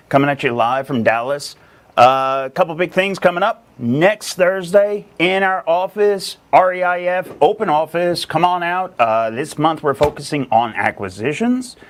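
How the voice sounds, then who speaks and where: Energetic man hosting a live stream. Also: fairly high pitch, a little hiss or hum. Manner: energetic, rambling, many fillers. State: a little out of breath. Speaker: real estate investor hosting a live stream. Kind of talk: casual live stream talk.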